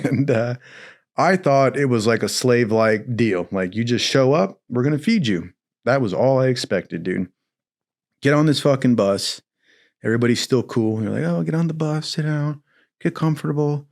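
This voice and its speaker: A man's voice: medium pitch, moderate pace. A young man from Southern California tells a wild story from his own life in loose, casual speech. He swears constantly and throws himself into the quotes, putting on the voices of everyone involved. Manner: profane, animated, acts out quotes in other voices.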